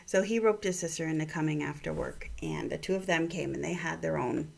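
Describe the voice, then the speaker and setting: A middle-aged woman and mother telling a personal story and offering gentle encouragement, often dropping into soft whispers. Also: sits low, fairly quick, gravelly. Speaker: vlog host giving encouragement.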